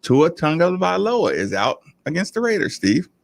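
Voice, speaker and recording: Man, low gravelly voice, dry close sound, radio co-host, animated storyteller. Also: moderate pace, no echo. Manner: storytelling, animated, self-deprecating. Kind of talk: casual sports talk banter.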